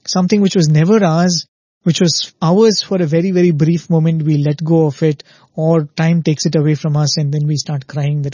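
A man speaks earnestly in a spiritual talk, telling a parable and often checking in with his listeners. His voice sits a little high, with a mellow, slightly husky tone. The recording is dry and dull. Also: level tone, moderate pace, no room sound. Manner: earnest, repeats "very, very" and asks "right?".

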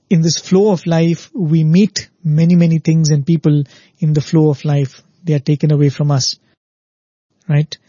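A man speaks earnestly in a spiritual talk, telling a parable and often checking in with his listeners. His voice sits a little high, with a mellow, slightly husky tone. The recording is dry and dull. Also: dry recording. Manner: earnest, repeats "very, very" and asks "right?".

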